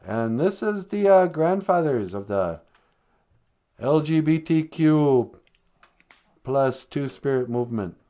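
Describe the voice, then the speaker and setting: A man telling a comic story on a live stream, rambling with deadpan asides. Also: on the high side, takes it slowly, long pauses.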